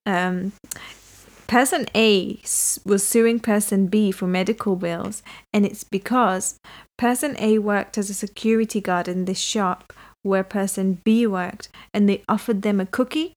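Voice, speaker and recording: A woman's voice: mid-range voice, fairly even intonation, a little slow, darkish tone. Give me an enthusiastic woman telling a story in casual chat.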